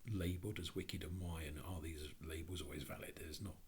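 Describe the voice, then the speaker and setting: A man giving a reflective spoken talk on psychology, thinking aloud in a halting way with frequent restarts. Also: low voice, steady tone, slight background noise. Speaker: speaker on Jungian psychology.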